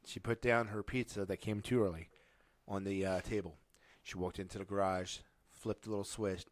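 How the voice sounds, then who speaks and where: A man who works in radio, a guest on a podcast, chiming in with quick joking reassurance. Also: fairly low pitch, steady tone. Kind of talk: casual chat.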